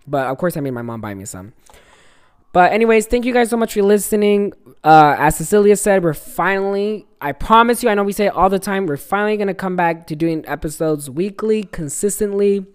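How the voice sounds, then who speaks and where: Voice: mid-range voice, expressive, fairly quick, clear, resonant tone. Young adult podcast host, casual solo chat, rambling, cursing, laughing storyteller.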